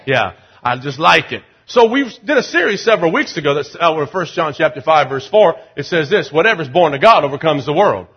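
A middle-aged man preaching as pastor, urging the crowd to repeat lines and swinging from loud rising calls to low, confiding asides. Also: expressive, fast talker, slightly rough. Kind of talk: sermon.

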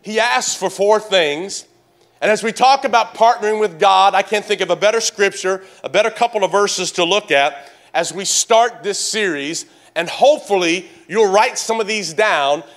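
A man in his sixties preaching a sermon, mixing comic storytelling with animated calls to the congregation. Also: sits high. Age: 60s. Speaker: pastor.

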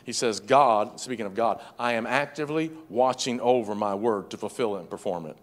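A man's voice: fairly low pitch, brisk. A man preaching a sermon as pastor, repeating words and urging the congregation to say lines back to him. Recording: faint music behind.

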